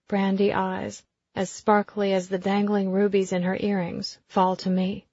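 A woman reading a first-person audiobook in an even, intimate storytelling voice. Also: mid-range voice, moderate pace, husky, no echo, dull audio. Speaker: audiobook narrator.

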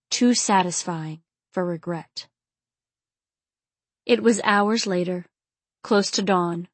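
A woman narrating an erotic romance novel in a soft, low, intimate reading. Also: no room sound. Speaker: audiobook narrator.

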